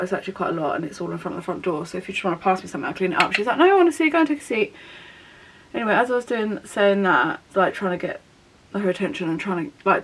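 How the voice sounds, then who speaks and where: A woman's voice: on the low side, rough recording. A young woman, telling a long personal story in a rambling, candid way while doing her makeup for a get-ready-with-me vlog. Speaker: beauty vlogger.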